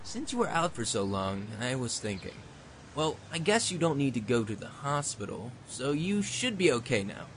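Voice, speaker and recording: A man's voice: medium pitch, sing-song, moderate pace, slight background noise, natural voice. A man voicing a laid-back, teasing young man in a fan audio drama. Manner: teasing, breezy, swings up and down.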